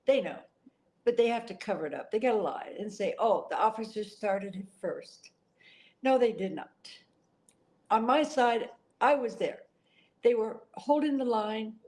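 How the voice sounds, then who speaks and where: A woman's voice: a little high, normal speed, a little mellow, low-quality recording. A middle-aged woman answering interview questions in an earnest, emotional way, now and then apologizing for getting upset. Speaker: interview guest.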